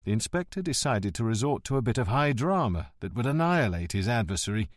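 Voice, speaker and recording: A male audiobook narrator reads a mystery in a wry, expressive way. His voice moves up and down a lot and sits at an average pitch. The recording is dry and close to the mic. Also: quick pace, no echo. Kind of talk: scripted narration.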